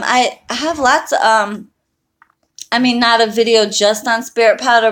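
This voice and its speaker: This online witch has a mid-range, slightly bright voice. Talking to viewers on her livestream, she's casual, heated and blunt, with plenty of swearing.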